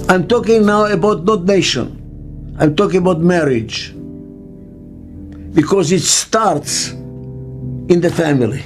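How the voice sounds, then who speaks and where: An older man giving an interview as a business consultant, speaking slowly and emphatically and repeating key words for stress. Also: high voice. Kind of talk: reflective interview monologue. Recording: faint music underneath.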